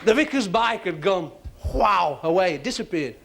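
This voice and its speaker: A man doing stand-up, telling a joke as an animated story on stage. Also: high voice, normal speed, vocal fry, very noisy. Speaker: stand-up comedian. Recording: old TV audio with audience laughter.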